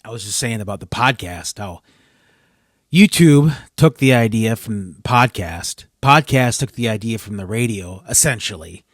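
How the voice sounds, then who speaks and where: Casting: man, low pitch, dry close sound, annoyed solo podcaster who keeps losing his thread. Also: lively intonation, normal speed, no echo. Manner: frustrated, rambling, self-interrupting. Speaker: podcast host.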